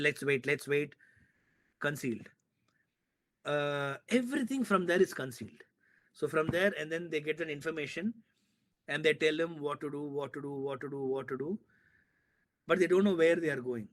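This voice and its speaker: A man, a filmmaker from India, talking in an interview and excitedly retelling a film scene with sound effects and repetition. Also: fairly high pitch. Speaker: filmmaker guest. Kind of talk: animated storytelling in an interview.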